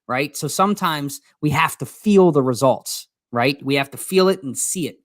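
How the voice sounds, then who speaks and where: A teasing man co-hosting a casual live chat. His pitch swings widely as he jokes and cuts in, and the sound is close and dry. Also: lively intonation, moderate pace, few pauses, no echo. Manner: teasing, playful, interrupts. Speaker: co-host. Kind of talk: casual livestream banter.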